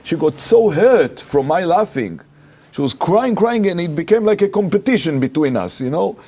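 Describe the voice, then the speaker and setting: A male rabbi with an Israeli accent tells a personal story as an interview guest. His voice sits a little high, gravelly and swooping widely. He speaks slowly, in halting, lively English. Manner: animated storytelling in halting, non-native English. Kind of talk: personal anecdote told in an interview.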